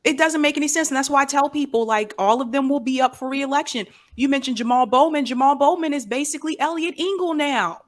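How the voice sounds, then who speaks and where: A woman joining a political roundtable as a guest, speaking clearly like a news anchor with an indignant edge. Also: high voice, quick pace, hardly any pauses. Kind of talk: casual political chat.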